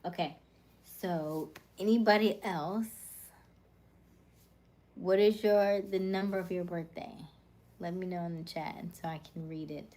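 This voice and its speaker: A woman's voice: lowish voice, steady tone, unhurried, long pauses, dark tone. Upbeat woman hosting a livestream. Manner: upbeat, punchy delivery of numerology traits as short lists. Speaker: livestream host. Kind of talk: casual livestream chat, reading viewer comments.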